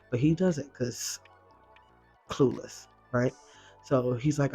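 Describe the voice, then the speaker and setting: A man hosting a casual reaction recap, talking in a slangy, expressive way and swearing freely. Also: mid-range voice, moderate pace, dull audio, soft background music. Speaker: reaction video host.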